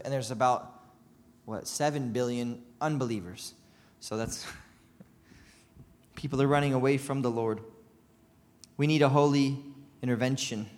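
Impassioned preacher in a reverberant hall. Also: male voice, medium pitch. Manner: impassioned, rising to loud cries, with asides and chuckles. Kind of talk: sermon.

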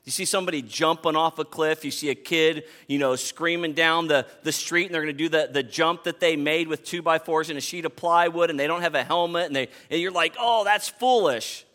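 A man in his fifties preaching a sermon as pastor, emphatic and animated, repeating words as he builds a point. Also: fairly high pitch, brisk, few pauses. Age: 50s.

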